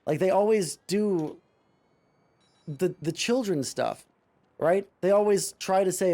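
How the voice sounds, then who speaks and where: High-voiced guy ranting at a video, sarcastic, swears a ton. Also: slow pace, pauses often, dark tone. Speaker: streamer reacting to a video. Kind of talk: casual reaction commentary.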